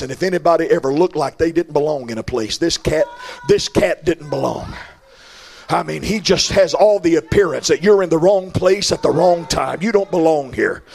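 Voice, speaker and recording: A man preaching a sermon, shouting out lines in a sing-song preaching cadence. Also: a little high, vocal fry, husky.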